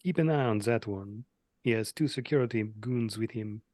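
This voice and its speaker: A man's voice: lowish voice, moderate pace, darkish tone, dry recording. A man playing a superhero in a tabletop game, talking casually and playfully. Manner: playful, slips into a mock French accent. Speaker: player.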